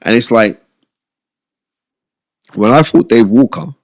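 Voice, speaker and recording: A middle-aged man, a podcast guest, telling stories in an animated, rambling, streetwise way with a lot of repetition. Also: medium pitch, slow pace, dry recording, clean studio sound. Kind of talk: casual storytelling interview. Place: podcast studio.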